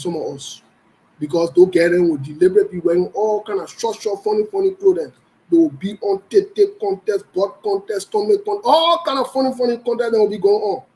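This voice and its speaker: A man with a Liberian English accent runs a casual live show. He talks in a high register, greets viewers one by one and jokes loosely between topics. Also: dark tone, a little hiss or hum, rough recording. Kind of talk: casual livestream chat.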